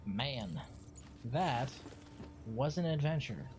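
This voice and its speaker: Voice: mid-range voice, expressive, slow, darkish tone, slight background noise. A streamer giving casual, joking commentary while playing, chatting along and talking to a pet.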